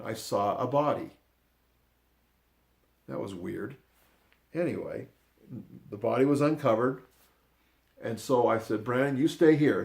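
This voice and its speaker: Gravelly older man telling a story. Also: medium pitch. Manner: rambling, many restarts, quiet asides. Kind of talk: casual spoken storytelling.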